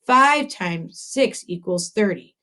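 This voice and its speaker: A woman's voice: medium pitch, animated, slow, sharp tone, slight background noise. A woman teaching a math lesson to second graders, upbeat and encouraging, chatting with a puppet as she goes. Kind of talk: video math lesson for children.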